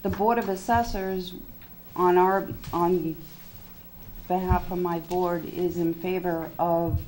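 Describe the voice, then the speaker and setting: A woman's voice: fairly low pitch, fairly even intonation, slow pace, a little mellow, slight background noise. A woman who is losing her voice, a town assessor explaining things step by step at a public meeting in a town hall.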